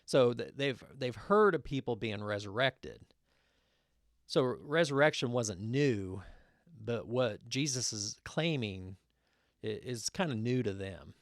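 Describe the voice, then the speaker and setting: A man teaching a casual Bible study, reading scripture aloud and explaining it in a relaxed way with many fillers and restarts. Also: mid-range voice, slow, no echo, clean studio sound. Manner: reads scripture passages aloud.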